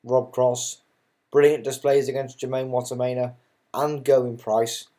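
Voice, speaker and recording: Man, amateur darts commentator, casual live commentary, mellow warm tone, swears a lot, ranty asides. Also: medium pitch, flat delivery, unhurried. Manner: swears freely, ranting asides; chatty and self-mocking.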